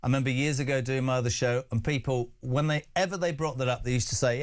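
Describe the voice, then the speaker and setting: A man's voice: mid-range voice, steady tone, quick pace. Male phone-in host, middle-aged, blunt and conversational. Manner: blunt, chatty, reads out messages. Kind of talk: breakfast radio phone-in.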